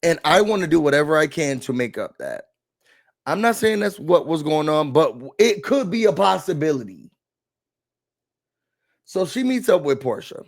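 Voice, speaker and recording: A man hosting a casual reality TV recap, talking in an animated, dramatic way with slangy asides. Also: on the high side, moderate pace, creaky, long pauses.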